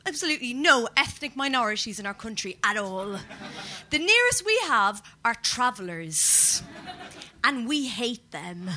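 Lively high-voiced Irish woman comic. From Ireland. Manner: quick, animated, mocking delivery with sudden loud jumps. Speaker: stand-up comedian. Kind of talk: stand-up routine. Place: comedy stage with live audience.

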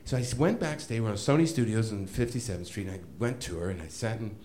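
A man telling a comedic story to a live audience, animated and self-mocking, laughing often as he goes. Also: lowish voice, fast talker, slight background noise.

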